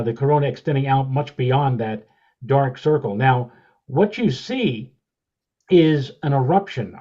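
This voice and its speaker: A man co-hosting a weather podcast, explaining a space image step by step in a measured way. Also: fairly high pitch, dark tone, lo-fi sound. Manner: measured, explanatory, with many uh fillers. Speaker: podcast co-host, meteorologist.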